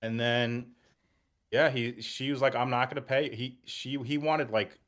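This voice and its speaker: Excitable, profane man telling the backstory. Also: medium pitch, unhurried. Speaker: guest. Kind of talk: casual commentary chat.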